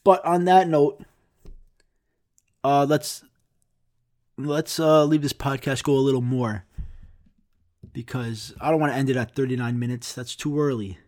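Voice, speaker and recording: A young man hosting a solo podcast, ranting profanely and swinging between loud outbursts and low mumbles. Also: measured pace, long pauses. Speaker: podcast host. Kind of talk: casual solo podcast rant.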